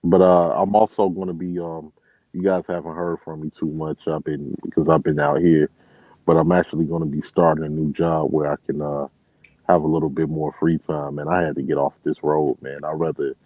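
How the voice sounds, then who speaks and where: A truck driver from Chicago, with a Chicago accent, calls in regularly and chats casually. He tells road stories in an extremely low, brisk voice as a relaxed storyteller with plenty of fillers. The sound is dry, muffled and phone-like.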